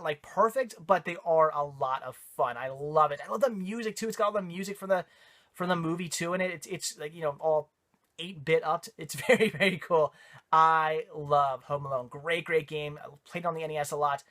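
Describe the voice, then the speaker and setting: Chatty enthusiastic man, slightly high voice. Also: a bit bright. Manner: enthusiastic, rambling with fillers and restarts. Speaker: video game collector reviewing pickups. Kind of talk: casual chat.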